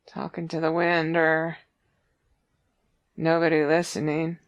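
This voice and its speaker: Psychic reader, slow and halting, gravelly yet smooth tone, searching for words mid-vision. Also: medium pitch, completely flat delivery, dull audio. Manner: halting, searching, many restarts. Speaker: psychic medium. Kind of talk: psychic reading, describing visions.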